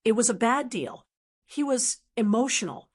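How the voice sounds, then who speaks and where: A woman's voice: fairly high pitch, expressive, normal speed, husky. A woman voicing a smug, dismissive older father-in-law who scoffs and backtracks. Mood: scoffing.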